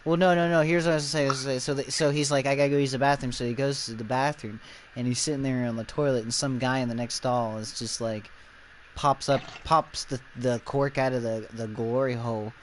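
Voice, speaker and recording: A man in casual podcast chat, retelling a comic scene and acting out the characters in loud, raised voices. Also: mid-range voice, fairly even intonation, fairly quick, slight background noise. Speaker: podcast co-host.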